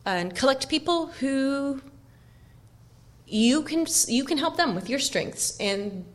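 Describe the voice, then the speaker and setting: A woman's voice: sits high, animated, takes it slowly. A woman giving a keynote talk, speaking reflectively with many ums and restarts.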